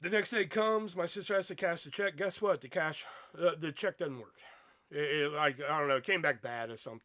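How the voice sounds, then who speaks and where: A young man with a bright, forceful voice tells a story from his own life, swearing freely and wandering off on side remarks. His voice sits a little high for a man, and his talk is loose and unscripted. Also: fairly quick, dry recording, clean studio sound. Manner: profane, rambling, lots of fillers. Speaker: podcast host. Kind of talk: casual storytelling.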